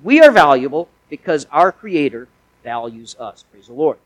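A man's voice: a little high, big pitch swings, normal speed, no echo, highs cut off. A male pastor delivering a sermon in a conversational way, with folksy asides and emphatic swells.

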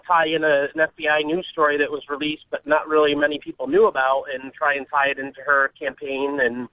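A man's voice: on the high side, no echo. A man calling in to a radio show, talking hesitantly and searching for his words. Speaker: caller. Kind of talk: phone-in radio call. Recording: tinny phone line.

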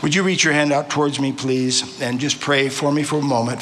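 Exuberant older pastor, bright tone. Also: male voice, mid-range voice, steady tone, brisk, few pauses, slight background noise. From Arizona. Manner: exuberant, affectionate, stumbles and restarts phrases. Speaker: visiting pastor. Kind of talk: sermon.

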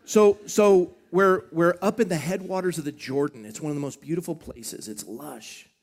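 A man from Scotland, a pastor, preaching at a live event in an animated storytelling way with quick asides. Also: fairly high pitch, gravelly, breathy edge.

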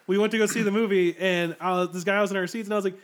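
A man's voice: sits high, steady tone, racing. A man in his thirties chatting casually with friends, telling rambling stories with lots of fillers and swearing. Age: 30s. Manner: rambling storyteller, self-described non-confrontational. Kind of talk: casual chat.

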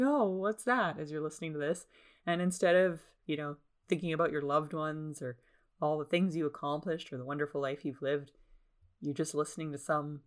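Low-voiced woman rambling on her podcast. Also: a bit bright. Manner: rambling, self-deprecating, sarcastic asides. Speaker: podcast host. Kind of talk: casual solo podcast monologue. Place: home in the suburbs.

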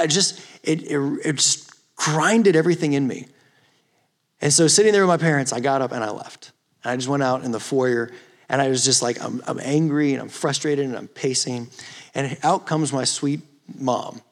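A man preaching a youth ministry sermon, rising from quiet storytelling to impassioned, emphatic exhortation. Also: mid-range voice, creaky. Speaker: youth pastor. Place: church or youth hall.

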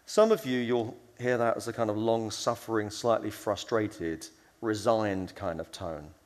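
A man's voice: on the low side, unhurried, long reverb tail. A man giving a conference sermon in a conversational way, telling stories and acting out the voices he quotes. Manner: storytelling, acts out quoted voices; conversational with fillers and restarts. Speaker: conference speaker.

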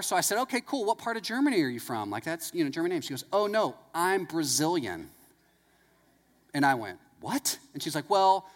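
A man's voice: on the high side, fairly bright tone. Casual-talking male preacher in a reverberant hall. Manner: conversational, anecdotal, full of "like". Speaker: pastor. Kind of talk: sermon.

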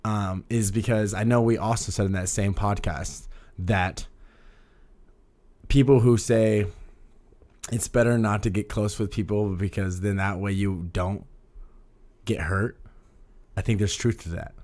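A man's voice: fairly low pitch, fairly even intonation, a little slow, pauses often, darkish tone. Rommelige, katerige man die podcast host is. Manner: rambling, repeats words, swears freely. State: hungover. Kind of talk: casual podcast chat.

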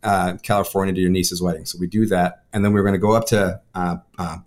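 A man, a pastor, telling his life story in casual conversation, rushing with repeated words and restarts. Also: sits low, little pitch movement. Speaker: pastor and guest. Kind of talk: casual spoken testimony.

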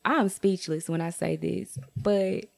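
A young adult woman telling a casual storytime rant to her viewers, blunt and profane, with jumps to high exclamations. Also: slow pace, gravelly. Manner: animated, swings to high exclaims. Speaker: vlogger.

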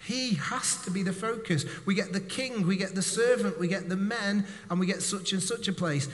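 A man's voice: high-pitched, normal speed, in a large hall. A male preacher giving a conversational sermon with jokes and direct questions to his congregation.

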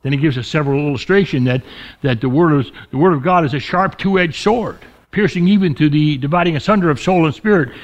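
A man preaching a sermon as pastor, stretching key words slowly and dropping his voice low for emphasis. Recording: dull lo-fi recording.

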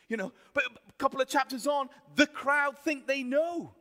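A man preaching a sermon, telling the story in a lively, colloquial way and acting out the voices of the people in it. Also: very high-pitched, brisk, hardly any pauses. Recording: long reverb of a hall.

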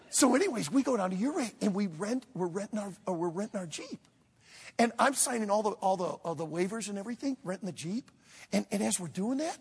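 A man preaching a sermon as pastor, telling a story in an animated way and acting out the quotes. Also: high-pitched, slightly rough. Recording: long hall reverb.

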